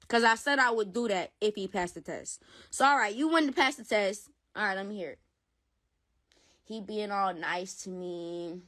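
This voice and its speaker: As an interview guest, a woman with a school-age son bluntly retells a personal dispute, swearing freely and repeating herself. Her voice is a little high and a bit bright, at normal speed.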